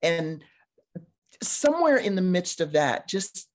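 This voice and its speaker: A woman, a professor, discussing scripture over a video call in a halting, deliberate way, with frequent pauses and restarts. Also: lowish voice, sing-song, darkish tone. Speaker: seminary professor. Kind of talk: conversational theology discussion.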